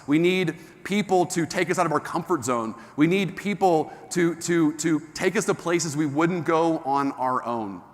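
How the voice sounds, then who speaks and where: A high-pitched man delivers a lively, enthusiastic keynote to a live crowd. He tells his story with bursts of excitement and quick restarts. A long reverb from the big hall trails his words. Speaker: motivational speaker. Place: large hall with an audience.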